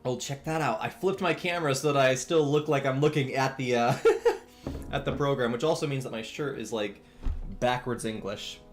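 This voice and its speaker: A young man streaming as he draws, chatting in a relaxed way, answering chat and laughing often. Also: medium pitch, moderate pace, faint music behind. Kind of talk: casual chat while drawing on stream.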